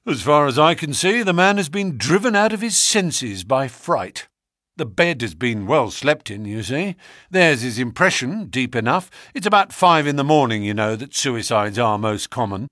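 A man's voice: mid-range voice, expressive, moderate pace, fairly bright tone, no room sound, studio quality, natural voice. A man reading an audiobook, voicing a hearty, self-assured police inspector who speaks in a matter-of-fact way.

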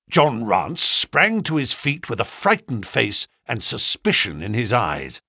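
A man narrating a classic detective novel in an expressive storytelling style. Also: medium pitch, measured pace, gravelly, hardly any pauses, breathy edge, dry recording, studio quality. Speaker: audiobook narrator. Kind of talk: audiobook narration.

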